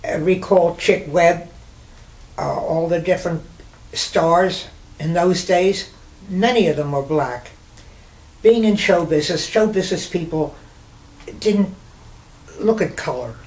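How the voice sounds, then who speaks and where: A woman in her nineties from New York, reminiscing slowly in a rambling conversation with pauses and restarts. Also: on the low side, a little mellow. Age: 90s. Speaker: interviewee, former nightclub performer. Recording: roomy, distant mic, air-conditioner hum.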